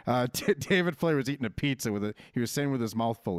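A man's voice: medium pitch, expressive, quick pace, hardly any pauses, no room sound. A man co-hosting a casual chat, brash and teasing, with lots of swearing. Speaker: podcast co-host.

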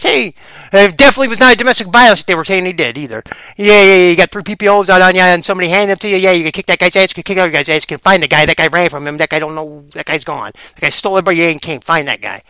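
Excitable high-pitched gravelly man. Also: no echo, low-quality recording. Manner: excitable, rambling, laughs often. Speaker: vlogger reacting to fights. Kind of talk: casual reaction commentary.

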